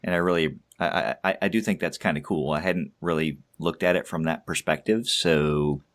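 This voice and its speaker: A man's voice: extremely low pitch, moderate pace, a bit bright. A man co-hosting a casual podcast, rambling along with stammered restarts and little chuckles. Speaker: podcast co-host.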